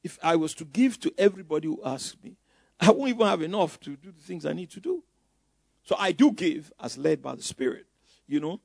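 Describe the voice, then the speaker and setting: A man preaching a sermon as pastor, with bursts of loud emphasis and mocking asides. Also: a little high, lively intonation, brisk, vocal fry, breathy edge, dry recording, clean studio sound.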